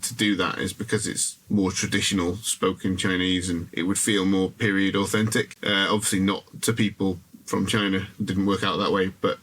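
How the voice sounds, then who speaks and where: A man with a lowish voice and a bright, forceful edge hosts a casual film podcast. He reads trivia out like a quizmaster, then slips into loose, sweary banter. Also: little pitch movement, moderate pace, few pauses, slight background noise. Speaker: podcast host.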